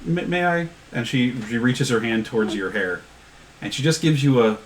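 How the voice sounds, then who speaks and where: A man narrating a tabletop game as game master, halting and restarting as he describes scenes. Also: mid-range voice, slight background noise, rough recording. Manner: rambling, halting, many restarts.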